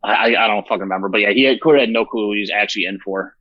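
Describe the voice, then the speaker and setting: A man's voice: lowish voice, racing, dry recording, muffled recording. A man who organizes a festival, talking bluntly and with lots of swearing in a rambling, casual interview. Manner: profane, blunt, rambling with fillers.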